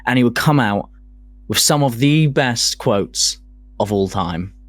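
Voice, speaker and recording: A man's voice: mid-range voice, lively intonation, a little slow, faint music behind. A man co-hosting a casual podcast, reading from notes, swearing casually and laughing at himself. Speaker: podcast co-host presenting a segment.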